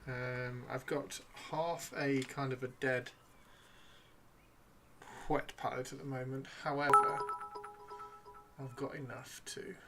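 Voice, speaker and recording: A man's voice: mid-range voice, little pitch movement, slow pace, long pauses, music in the background. A man chatting casually on a live stream while painting miniatures, rambling and playfully teasing his chat.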